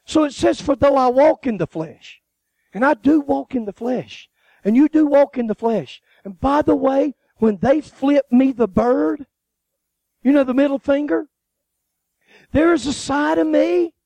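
A man's voice: very high voice, measured pace, gravelly, no room sound. A man. He tells stories with jokes and acts out the voices in them, and the recording is close and dry with no room sound. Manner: animated, joking storytelling with laughs and acted-out voices. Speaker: guest preacher. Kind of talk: sermon.

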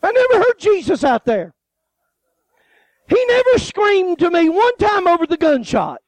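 A man's voice: very high-pitched, measured pace, no room sound. A man preaching a sermon, telling joking stories and acting out voices with laughter. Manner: animated, joking storytelling with laughs and acted-out voices. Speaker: guest preacher.

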